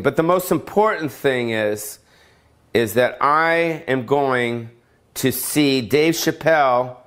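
A middle-aged male comedian ranting alone, profane and rambling, full of fillers and tangents. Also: mid-range voice. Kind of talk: solo comedic rant.

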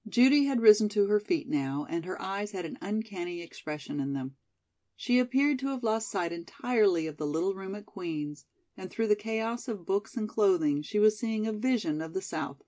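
A woman's voice: fairly low pitch, lively intonation, moderate pace, darkish tone. A woman reading a novel aloud as narrator, lifting her voice for the quoted lines. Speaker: audiobook narrator.

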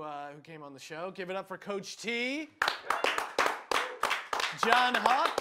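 A man hosting a comedy quiz show, playful and laughing often as he jokes with his panel. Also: high voice. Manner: playful, laughs often, acts out silly bits.

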